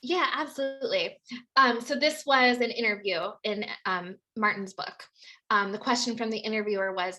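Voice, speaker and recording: A woman who teaches fertility awareness, chatting casually as a podcast guest in an animated way, with frequent "like" fillers. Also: fairly high pitch, normal speed.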